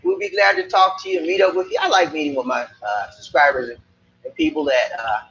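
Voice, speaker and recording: A man's voice: on the high side, sing-song, brisk, vocal fry, pushed and bright, muffled recording. A man from Charleston with a Geechee accent, hosting a casual live stream and talking straight to his viewers. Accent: Gullah Geechee, Charleston. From Charleston, South Carolina. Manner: chatty, repeats himself, talks to viewers directly. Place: Philippines, Cebu area.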